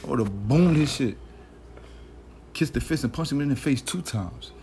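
A man's voice: medium pitch, animated, moderate pace, creaky, a little mellow, a little hiss or hum. Slangy New man joking on a podcast. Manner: loose, joking, heavy slang. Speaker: podcast co-host. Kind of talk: casual podcast banter.

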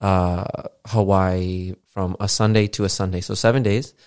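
A man's voice: low voice, little pitch movement, normal speed, a little mellow, smooth, dry recording. A man hosting a casual solo podcast, rambling with lots of fillers and casual swearing, into a studio mic. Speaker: podcast host. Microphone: podcast mixer with studio mic.

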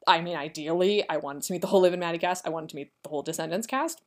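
A young woman with a slightly low voice hosts her own podcast from home. She tells a personal story in a loose, chatty way, full of fillers. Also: animated, racing, a little mellow. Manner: chatty, rambling, lots of "like" fillers. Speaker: podcast host. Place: home room with her cats.

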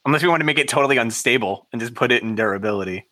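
Bright-voiced man playing a tabletop game. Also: mid-range voice, very fast. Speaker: player. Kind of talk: casual game chat.

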